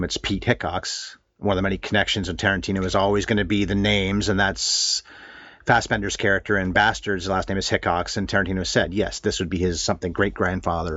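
A man co-hosting a casual film discussion, animated and blunt, with some swearing. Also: deep voice, no room sound, muffled recording. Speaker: film podcast co-host.

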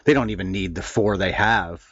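A man breaking down a movie in casual podcast chat. His voice sits low, and he talks with animated, blunt energy. The sound is dry and a little dull. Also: normal speed, husky, dry recording. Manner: animated, swearing, restarts. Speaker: film podcast co-host. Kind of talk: casual film discussion.

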